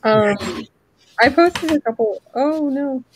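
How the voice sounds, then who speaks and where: A woman co-hosting a casual chat, talking in a halting way full of "like" and "um". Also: sits high, animated, a little hiss or hum, low-quality recording. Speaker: co-host, photographer.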